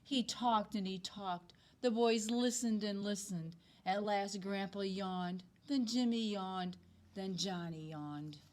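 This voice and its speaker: A woman teacher reads a children's picture book aloud at a slow, unhurried pace. Her delivery is expressive and dramatic, building up the suspense in the story. Her pitch sits mid-range. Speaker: second-grade teacher.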